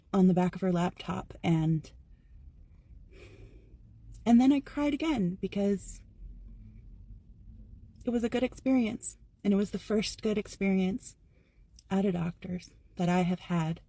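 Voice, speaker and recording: Woman talking slow and soft, mellow tone, dry close sound. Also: medium pitch, dry recording. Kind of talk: personal testimony.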